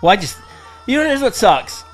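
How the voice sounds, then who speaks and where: A man's voice: high-pitched, sing-song, brisk, faint music behind. A man in his thirties, raised in Samoa, co-hosting a podcast in casual storytelling chat, rambling and laughing, with frank swearing. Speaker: podcast co-host.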